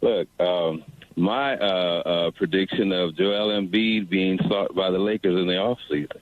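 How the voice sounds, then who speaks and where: Halting male caller with a deep voice on a phone-like line. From Louisiana. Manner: halting, filler-heavy.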